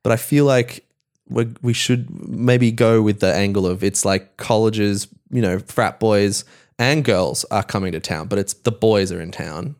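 Man, lowish voice, chatty co-host adding to the joke. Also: a little slow, a little mellow. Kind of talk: casual improvised comedy chat.

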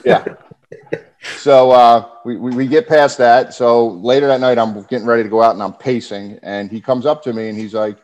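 A man's voice: mid-range voice, steady tone, a little fast, a little mellow. A man who is a former pro wrestler, a podcast guest telling stories casually and animatedly, often laughing as he talks. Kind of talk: casual storytelling. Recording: muffled lo-fi podcast audio.

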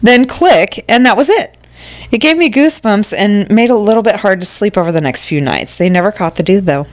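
A woman's voice: medium pitch, fairly quick. A woman co-hosting a casual podcast, reading listener stories aloud and reacting with exclamations. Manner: animated, reacts with exclamations and swearing.

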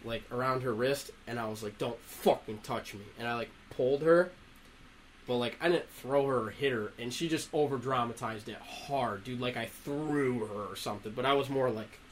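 A man's voice: mid-range voice, moderate pace, a little hiss or hum, low-quality recording. Profane young man telling stories. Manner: profane, animated anecdote-telling with laughter. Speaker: storyteller among friends. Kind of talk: casual chat.

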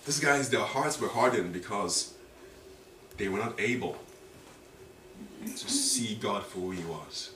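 A man preaching a sermon in a church, animated and dramatic, repeating key phrases and drawing responses from the congregation. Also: fairly low pitch, slow, long pauses. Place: church hall. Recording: echoey hall, distant mic, background noise.

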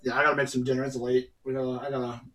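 A man's voice: mid-range voice, level tone, racing, fairly bright tone. A man co-hosting a casual podcast chat, enthusiastic and rambling. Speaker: podcast co-host.

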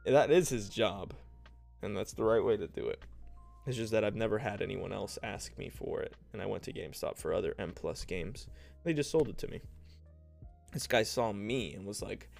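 A young man talks through a solo podcast episode in a loose, rambling way, laughing at himself as he goes. His voice sits low with a gravelly fry. Soft music plays faintly behind him. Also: fairly quick. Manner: rambling, self-deprecating, laughs often. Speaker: podcast host and streamer. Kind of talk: casual solo podcast chat.

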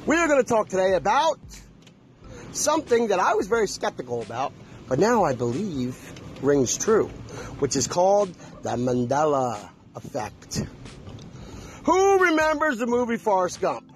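A man's voice: sits high, huge pitch swings, normal speed, a little hiss or hum. A man talking straight to his viewers in a casual, emphatic monologue, repeating himself and throwing questions at the audience. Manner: emphatic, repetitive, preachy, asks the audience questions. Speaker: vlogger.

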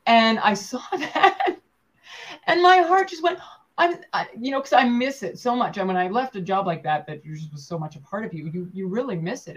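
A woman puppeteer talking casually in an interview, full of fillers and restarts. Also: medium pitch. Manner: chatty, with many fillers and restarts. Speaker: puppeteer guest.

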